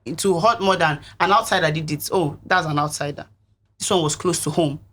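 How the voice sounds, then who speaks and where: A young woman, a reality show contestant, recounting events in an interview in an earnest, reflective way, with a husky voice. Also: deep voice, a little fast, a bit bright.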